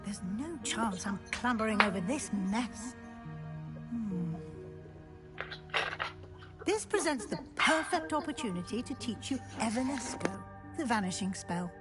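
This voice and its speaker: A brisk, kindly middle-aged professor with a fairly high voice. She explains patiently and clearly, in an instructive teacher's manner. Loud game music plays under her. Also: animated. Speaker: video game character. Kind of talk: video game voice acting.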